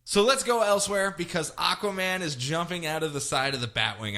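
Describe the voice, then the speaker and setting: A man co-hosting a podcast in casual chat, retelling stories in a jokey, animated way. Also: mid-range voice. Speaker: podcast co-host.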